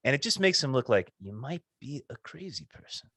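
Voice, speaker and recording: A man co-hosting a casual chat podcast, excitable, swinging from low mutters to eager bursts. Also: a little fast, breathy edge, dry recording. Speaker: podcast co-host.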